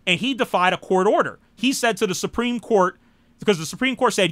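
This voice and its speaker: A high-pitched American man hosting a live political talk show. His voice is bright and forward, recorded dry and close. He rambles casually, with many "you know"s and blunt asides. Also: a little fast, no room sound. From United States. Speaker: host.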